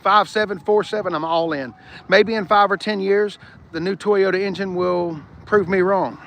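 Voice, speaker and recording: A man's voice: sits high, fairly even intonation, moderate pace, gravelly, a bit bright. A man chatting casually and profanely, reading viewer comments aloud while he walks a car lot. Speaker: car vlogger. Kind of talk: live-stream walkaround chat. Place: car dealership lot outdoors.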